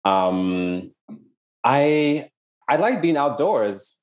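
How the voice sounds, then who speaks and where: A man's voice: medium pitch, big pitch swings, very slow. A man from Nigeria, an artist talking reflectively in an interview, often restarting his sentences. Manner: reflective, with frequent restarts and "like" fillers. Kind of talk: casual interview conversation.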